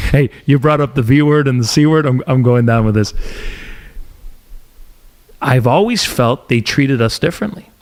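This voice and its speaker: Animated middle-aged man telling a story. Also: mid-range voice, measured pace, pauses often. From Montreal, Canada. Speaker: podcast host. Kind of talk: casual interview chat.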